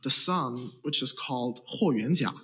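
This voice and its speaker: A man calling in to chat, speaking haltingly but eagerly. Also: medium pitch, pushed and bright. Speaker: caller. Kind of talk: casual chat.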